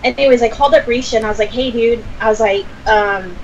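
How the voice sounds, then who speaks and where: Young woman telling a wild story, animated, kinda high voice, faint room noise. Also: quick pace, highs cut off. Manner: animated, swearing, acts out quotes. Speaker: podcast co-host. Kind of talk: casual storytelling chat.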